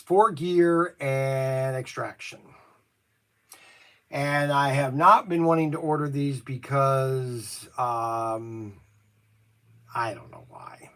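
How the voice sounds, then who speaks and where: A man's voice: on the high side, a bit bright. A man running a toy shop livestream, chatty and jokey while making a phone call.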